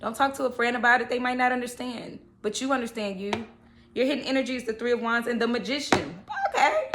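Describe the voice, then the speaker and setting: A woman's voice: on the high side, steady tone, fast talker, a bit bright, slight background noise. A woman giving a casual, chatty tarot reading, often checking in with "okay" and "all right". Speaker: tarot reader.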